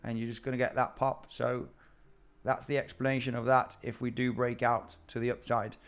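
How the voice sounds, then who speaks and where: A man's voice: medium pitch, flat delivery, moderate pace, smooth. A man hosting a casual live stream about crypto trading, chatting with viewers and often repeating his words.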